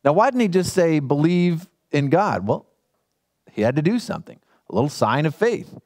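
A male pastor delivers a sermon as relaxed storytelling, full of playful asides. His voice sits a little high and swings widely in pitch. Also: fairly quick.

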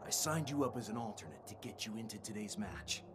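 A man voicing a scheming ally in a video game, speaking in a low-key, conspiratorial, matter-of-fact way. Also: expressive, fast, heavy background noise, close to an everyday voice.

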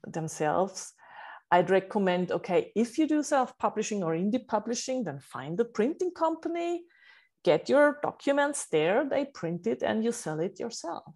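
Austrian woman w german accent, writing coach on a podcast, lowish voice, pauses hunting for english words. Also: darkish tone. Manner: thoughtful, searches for English words. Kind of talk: podcast interview.

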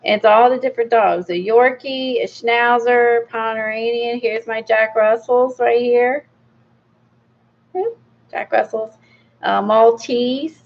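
A woman's voice: on the high side, fairly even intonation, slow pace, creaky, muffled recording. A middle-aged woman hosting a casual vlog, chatty and rambling with many fillers and small laughs. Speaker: art channel host. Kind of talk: casual book review vlog.

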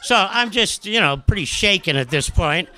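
Male storyteller, high, bright, lively, self-mocking comic delivery. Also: normal speed. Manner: animated, self-mocking, many asides and fillers. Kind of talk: comic personal storytelling on stage.

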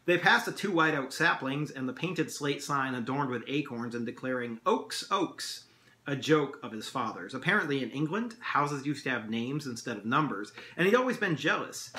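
A male English teacher reads his own novel aloud in a steady storytelling voice. His tone is bright and forward. The recording sounds echoey, as in a hard room. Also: mid-range voice, normal speed, few pauses.

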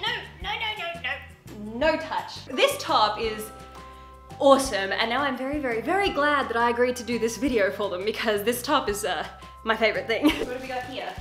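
A woman's voice: on the high side, a bit bright. A young woman YouTuber in casual, bubbly try-on haul chat, often laughing. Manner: bubbly and chatty, often laughing, talks to her pet. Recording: echoey room with background music.

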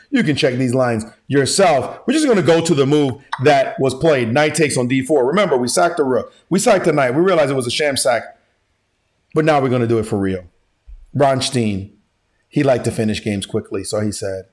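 A male chess grandmaster with a mid-range voice gives an animated chess lesson. He's excitable and slangy and exclaims often.

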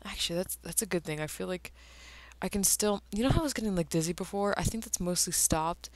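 A woman's voice: on the low side, fast talker, dry recording. A drunk woman rambling casually as she draws, her speech slurring, often cursing and trailing off into murmurs. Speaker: artist vlogger drawing on camera. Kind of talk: rambling casual commentary while drawing.

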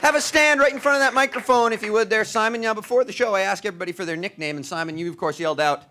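A man hosting live comedy, working the crowd with energetic, hyped improv. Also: high voice, rapid-fire. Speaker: comedian host. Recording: live stage with faint crowd and noise.

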